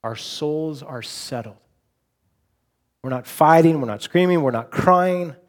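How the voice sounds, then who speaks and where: A man in his forties preaching a sermon as a pastor. He speaks conversationally, repeats and restarts words, and swings between loud emphasis and hushed softness. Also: on the high side, animated, slow.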